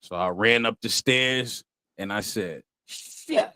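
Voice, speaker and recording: A man co-hosting a podcast, talking in a relaxed, easygoing way. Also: fairly low pitch, measured pace, clean tone, no room sound. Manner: relaxed, trails off with ums. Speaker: podcast co-host. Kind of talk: casual chat.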